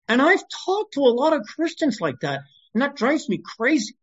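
A middle-aged man teaching a sermon in an informal, animated way, reading scripture aloud. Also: sits high, normal speed, husky. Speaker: pastor. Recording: dull lo-fi recording.

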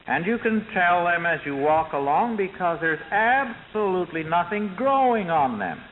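A man telling a children's sermon in an animated, emphatic way, repeating words for stress. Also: on the high side. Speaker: Sunday school preacher. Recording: tinny, hissy recording with long reverb.

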